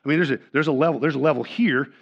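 An older man preaching a sermon as pastor. He often repeats and restarts words, and he swings between loud, emphatic lines and quiet asides. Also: on the high side, rapid-fire. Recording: dull lo-fi sermon recording.

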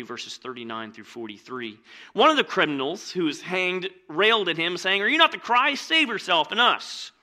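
Guy preaching a sermon, pretty high voice, super bright and cutting, goes quiet then loud, drags out key lines. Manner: dramatic, swings between hushed and loud, slows on key phrases. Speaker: pastor. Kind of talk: sermon with scripture reading.

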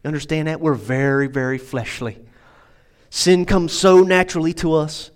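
High-pitched guy preaching a sermon, gets loud and emphatic then goes quiet and low. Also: moderate pace, low-quality recording. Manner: preaching with swelling, emphatic delivery that drops to quiet asides. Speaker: pastor.

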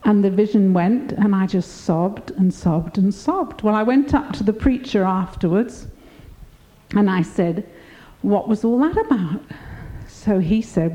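A woman's voice: mid-range voice, expressive, unhurried, dark tone. An older woman giving an earnest, reflective personal testimony of her faith.

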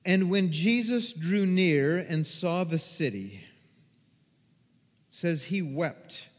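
A man preaching a sermon as a pastor, animated and dramatic, acting out excited crowd voices with loud whoops. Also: fairly high pitch, slow pace. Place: church sanctuary. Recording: long hall reverb.

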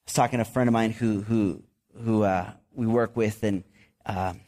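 A man preaching a sermon as a pastor, talking to his church in a conversational way, with restarts and repeated words and bursts of animated storytelling. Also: lowish voice, normal speed. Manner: animated storytelling with excited outbursts.

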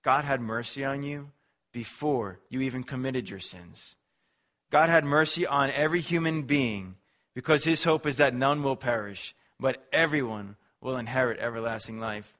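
Pastor, male, mid-pitched voice, earnest emphatic sermon delivery with repetition. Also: normal speed, fairly bright tone.

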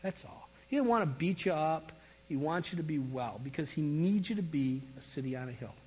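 Brief: middle-aged male preacher, husky, emphatic testimony sermon, reverberant church hall. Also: on the high side, fairly quick. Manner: storytelling, animated, emphatic. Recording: long reverb of a large hall.

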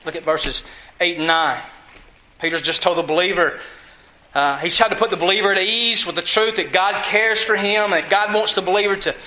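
High, bright-voiced preacher. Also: male voice, normal speed. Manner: folksy, conversational preaching with rhetorical questions. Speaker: pastor. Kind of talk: sermon. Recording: echoey room.

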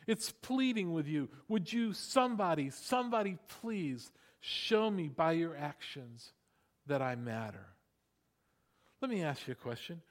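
A man's voice: on the high side, animated, unhurried. A man preaching a sermon in a conversational way, asking the congregation rhetorical questions and laughing at his own asides. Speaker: pastor.

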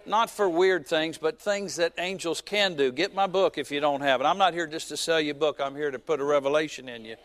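A man in his fifties, a pastor preaching a sermon who tells a personal story with joking asides and swings between loud and soft. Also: a little high, fairly quick, hardly any pauses.

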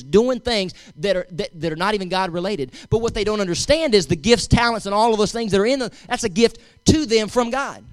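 High-voiced preacher, emphatic and dry. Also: male voice, no room sound. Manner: emphatic and repetitive, addressing the congregation directly. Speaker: pastor. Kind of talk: sermon.

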